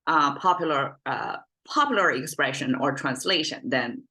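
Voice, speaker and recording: A middle-aged woman with a Chinese accent and a notably low voice teaches her native language in an unscripted lesson. She thinks aloud as she goes, with plenty of ums, uhs and false starts. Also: animated, normal speed, bright, forceful tone. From China. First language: Mandarin Chinese. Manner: thinks aloud with many fillers and restarts.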